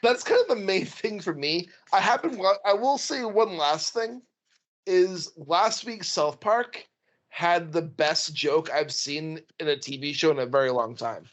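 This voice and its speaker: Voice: medium pitch, a little slow. A podcast co-host chatting casually, laid-back and rambling, laughing often. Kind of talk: casual chat.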